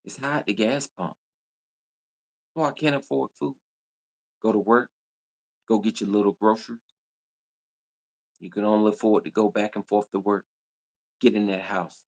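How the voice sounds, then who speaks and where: A man delivers a scolding, repetitive rant to his livestream viewers, hammering the same lines over and over. His voice sits very low, with a gravelly rasp. He sounds confrontational and relentless. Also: fairly even intonation, normal speed, long pauses, darkish tone. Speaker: livestream host. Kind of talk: ranting livestream monologue.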